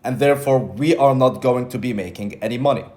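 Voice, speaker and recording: A man's voice: mid-range voice, a little fast, darkish tone. A man teaching trading in a casual monologue, blunt and repetitive, swearing now and then. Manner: acts out his own inner voice in quotes. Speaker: trading mentor.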